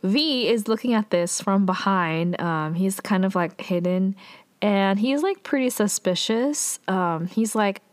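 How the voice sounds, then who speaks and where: A woman's voice: mid-range voice, expressive, a little slow, dry recording. A woman casually recapping a drama episode, chatty and full of fillers, with exasperated asides.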